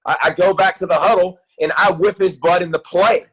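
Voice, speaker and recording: Husky excited man rambling about coaching. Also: high voice, fairly quick, poor audio. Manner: excited, rambling, restarts often. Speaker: interview guest, football analyst and youth coach. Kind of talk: casual interview talk.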